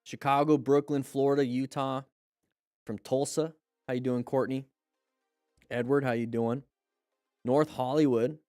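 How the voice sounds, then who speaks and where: A man's voice: medium pitch, fairly even intonation, unhurried, long pauses, darkish tone, clear, resonant tone, no echo, studio quality, faint music behind. A man hosting a casual livestream as a riding instructor, upbeat and chatty, greeting viewers by name and reading out comments.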